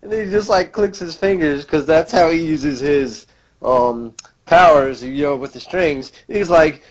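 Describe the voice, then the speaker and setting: A man on a casual podcast, animatedly retelling comic scenes and jumping into shouty character lines. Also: on the high side, measured pace. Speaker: podcast co-host. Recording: lo-fi dull audio.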